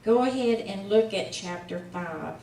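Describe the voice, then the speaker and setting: A woman's voice: mid-range voice, a little slow, dark tone, slight background noise. A woman teaching a class, patient and a little tired, coaxing students along with frequent fillers. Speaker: Hebrew teacher. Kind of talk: slow, patient classroom instruction. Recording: echoey room, distant mic.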